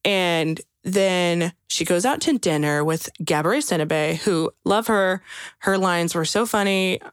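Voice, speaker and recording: A chatty woman recaps a film in loose, animated casual talk, full of restarts and filler words. Her voice sits a little low for a woman. The sound is dry and close, with no room around it. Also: measured pace, clean tone, no room sound. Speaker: podcast co-host recapping a film. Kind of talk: casual chat.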